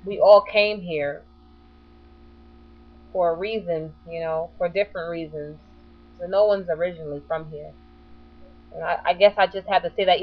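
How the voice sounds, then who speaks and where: A woman's voice: medium pitch, highs cut off. Outspoken New woman vlogging. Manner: outspoken and passionate, building to heated. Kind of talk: casual opinion vlog.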